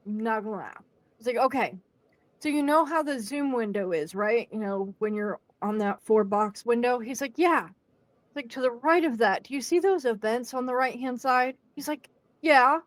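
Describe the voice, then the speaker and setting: A woman's voice: a little high, moderate pace, no echo. Chatty woman acting out a story. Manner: animated, acts out quotes with laughs. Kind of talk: casual storytelling chat.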